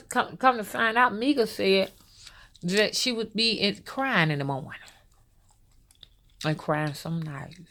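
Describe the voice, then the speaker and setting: A woman's voice: low-pitched, vocal fry, fairly bright tone. A woman tells a rambling, personal story straight to her viewers. She talks casually and keeps calling out to her audience as a spiritual rootworker. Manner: loose, storytelling, addresses viewers as y'all. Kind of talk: casual spoken monologue to viewers.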